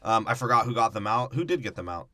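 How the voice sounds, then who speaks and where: Young male podcast co-host, crude jokey recap, bright forceful tone, dry close sound. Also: lowish voice, animated, fast talker, no echo. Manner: profane, jokey, slips into silly character voices. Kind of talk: casual crude movie recap.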